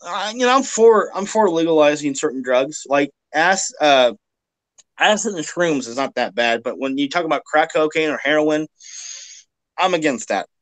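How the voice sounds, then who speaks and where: A man's voice: fairly high pitch, expressive, normal speed, no room sound. A man from Kentucky with a Southern accent, talking bluntly and with lots of swearing in a casual live-stream chat, often repeating words as he goes. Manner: blunt, profane, laughs loudly, stammers with repeated words.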